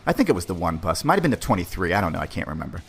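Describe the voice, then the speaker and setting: A man's voice: sits low, big pitch swings, very fast, vocal fry, a bit bright, slightly rough. A man hosting a podcast, telling a personal story in a laid-back, profane, conversational way. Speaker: podcast host. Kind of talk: casual storytelling.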